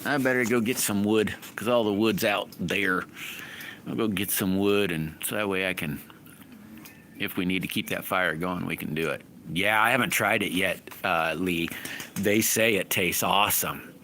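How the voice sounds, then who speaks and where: A man's voice: low-pitched, steady tone, normal speed, pushed and bright, slight background noise. A man hosting a livestream, rambling through folksy stories and chatting casually with viewers. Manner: rambling folksy storytelling, laughs often. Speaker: livestream host.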